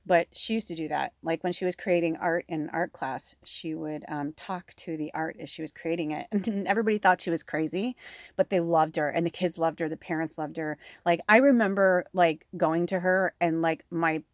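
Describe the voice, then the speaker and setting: Chatty woman tarot reader, casual and rambling, slightly low, dry close sound. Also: moderate pace, no echo. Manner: chatty and rambling, heavy on fillers; laughs often while talking. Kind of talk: casual tarot reading vlog.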